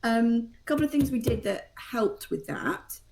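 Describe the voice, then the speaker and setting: Woman, thirties, mellow tone, chatty and self-deprecating storyteller, casual podcast chat. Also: a little high, animated, moderate pace, creaky. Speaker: mother and guest.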